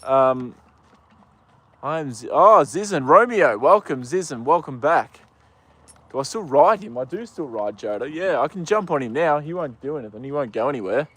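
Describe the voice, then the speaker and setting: A man's voice: on the high side, expressive, moderate pace, a bit bright. A young Australian man chatting casually on a live stream outdoors, rambling with lots of ums and uhs. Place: outdoors with a horse.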